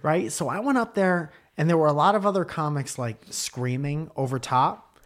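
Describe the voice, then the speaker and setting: A young adult man, a comic and podcast co-host, telling stories in casual chat with a teasing, profane, animated manner. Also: fairly high pitch, moderate pace.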